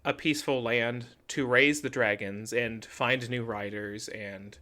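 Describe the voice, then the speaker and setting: He speaks with a medium pitch, fairly even intonation, and a measured pace, his voice pushed and bright. This young man co-hosts a podcast and is chatting casually, retelling a story while acting out characters' lines.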